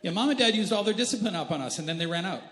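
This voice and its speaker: A high, bright-edged, animated male voice races along as a pastor in his thirties recounts humorous family tales from the pulpit. He jokes at his own expense and chats with the congregation in asides, all captured in a roomy church hall with lingering reverb.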